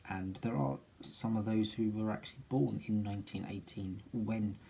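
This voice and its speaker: A man from Britain muses aloud in a casual vlog, circling back with ums and restarts. His pitch sits in the middle of the male range. A clear hiss runs under the homemade recording. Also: steady tone, moderate pace, dark tone, poor audio. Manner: rambling, many ums and restarts, musing aloud. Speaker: vlogger. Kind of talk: casual personal video diary.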